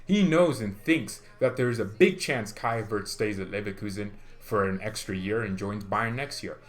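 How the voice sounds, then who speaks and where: A man hosting a football fan channel, talking in a rambling, excitable vlog style full of rhetorical questions. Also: on the low side, normal speed. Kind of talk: casual vlog commentary.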